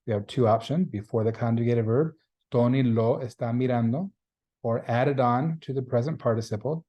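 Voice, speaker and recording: A man lecturing as a Spanish instructor, with a mellow, dark-toned voice at an ordinary pitch. He walks through the grammar patiently and goes back over each point. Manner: patient, explanatory, repeats key points. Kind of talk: recorded lecture.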